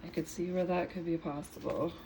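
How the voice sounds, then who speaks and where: A woman giving a casual tarot reading in an unhurried, musing way, her voice a little hoarse from just waking up. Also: on the low side, fairly even intonation, heavy background noise. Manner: unhurried, musing, trailing off mid-thought. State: slightly hoarse, just woke up. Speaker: tarot reader.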